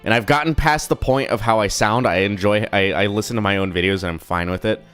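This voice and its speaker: A young man streams from his desk at home, rambling and swearing casually with a self-deprecating streak. His voice sits a bit low and sounds slightly sick, and faint music plays under him. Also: fast, a bit bright. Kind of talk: casual live-stream chat.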